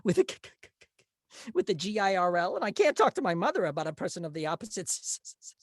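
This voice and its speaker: A man doing a hyperactive, nervous young nerd who stammers in a high, jittery voice. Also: sing-song, fast, fairly bright tone, no echo, clean studio sound. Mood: flustered.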